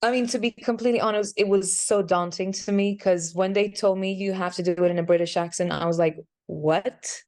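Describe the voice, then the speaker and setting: A woman's voice: medium pitch, steady tone, fast talker, hardly any pauses, darkish tone. A woman, an actress chatting in an interview, searching for words as she talks. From Sweden. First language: Swedish. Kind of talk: casual interview answers.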